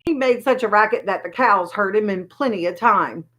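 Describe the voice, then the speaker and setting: A woman's voice: medium pitch, normal speed, low-quality recording. Woman reading a children's story aloud. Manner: lively, expressive storytelling. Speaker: storybook reader.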